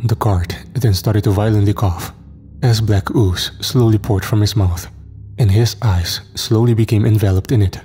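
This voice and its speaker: Brief: male horror narrator, low mellow voice, steady and grim, faint music underneath. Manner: steady, grim first-person storytelling.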